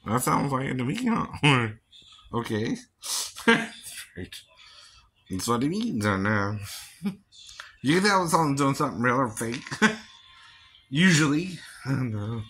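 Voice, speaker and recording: A man's voice: mid-range voice, sing-song, pushed and bright, husky. A man chatting casually about doing impressions. He laughs often and ends his lines with "right?". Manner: breaks into quick impressions and silly voices. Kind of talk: casual chat.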